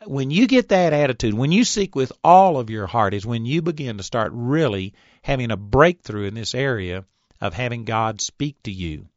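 A man in his fifties giving an earnest Bible teaching, reading scripture slowly and deliberately, on a recorded tape. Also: medium pitch, expressive, no room sound. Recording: dull, dry tape recording.

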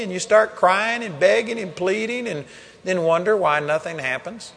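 A man's voice: high voice, moderate pace, a bit bright. A man preaching a sermon at a seminar, emphatic, quoting scripture by chapter and verse. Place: large seminar hall. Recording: long reverb of a seminar hall.

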